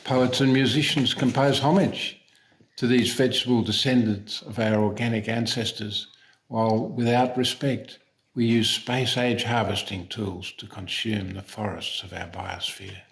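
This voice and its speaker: A man with an Australian accent reading his own poem in a lively, sing-song delivery. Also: on the low side, measured pace, gravelly. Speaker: poet. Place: at home.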